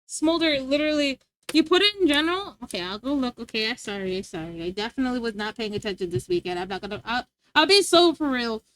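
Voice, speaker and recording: A woman's voice: on the high side, animated, quick pace, a bit bright, no room sound. A woman streamer chatting casually and playfully with her live chat, laughing often.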